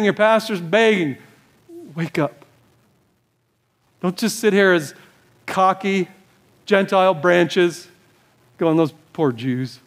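A male pastor preaching a sermon in an urgent, pleading way, repeating short commands. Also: sits high. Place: church service.

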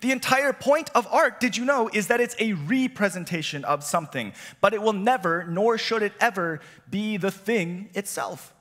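A bright, lively male pastor preaching with playful asides and a lot of rise and fall in his voice. His voice carries a long reverb off the church hall. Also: high-pitched, moderate pace, hardly any pauses. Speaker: youth director and teaching pastor. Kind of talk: sermon.

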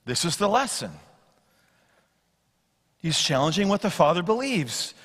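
Bright-voiced preacher man, hall echo. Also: sits high, sing-song, a little slow. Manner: expository preaching, acts out Bible quotes, swings from loud to hushed. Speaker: pastor. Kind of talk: sermon. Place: church sanctuary. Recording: long church hall reverb.

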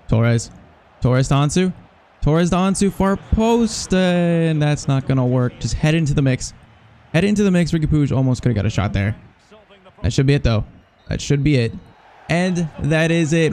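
A young man commentating his own football video game match, excitable, swinging from deadpan complaints to loud cheering. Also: fairly high pitch. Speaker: gaming channel host.

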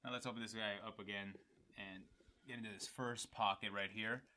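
A young man hosting a casual unboxing video, talkative and excited about the product. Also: on the low side, brisk, slight background noise. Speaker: show host.

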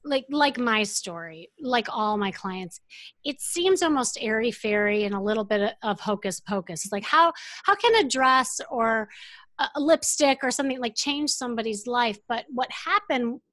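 A woman dating coach and therapist telling a client story in an interview, animated and full of fillers. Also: a little high, moderate pace, no echo.

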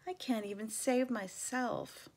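Storybook silverback gorilla, weary and hushed, woman reading, slow. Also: on the high side, steady tone, voice pushed up. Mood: subdued.

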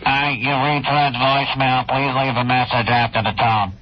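A man's voice: mid-range voice, little pitch movement, normal speed, lightly acted. A man putting on a stiff, prim answering-machine greeting voice, on a dull radio recording. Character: fake male office voicemail greeting. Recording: dull radio audio with music.

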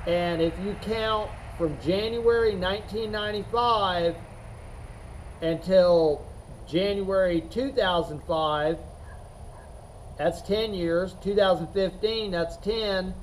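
Man, middle-aged, chess coach, unscripted, rambling and emphatic, unhurried, faint background hum. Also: high voice, poor audio. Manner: rambling, emphatic, repeats himself. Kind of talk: unscripted talk to camera.

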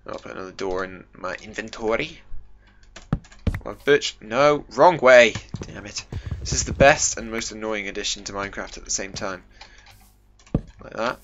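A man's voice: on the low side, brisk, fairly bright tone, muffled recording, slight background noise. A young British man hosting a casual game commentary video, chatty and self-mocking, full of jokey asides. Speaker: gaming video host. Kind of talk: casual let's-play commentary.

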